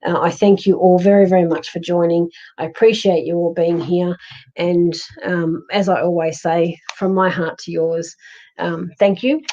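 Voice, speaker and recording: Australian woman, middle-aged, reassuring livestream host, lowish voice, dull lo-fi sound. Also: steady tone, moderate pace, warm tone. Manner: chatty, reassuring, many ums and restarts. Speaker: psychic medium livestream host. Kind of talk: live-stream chat reading viewer comments.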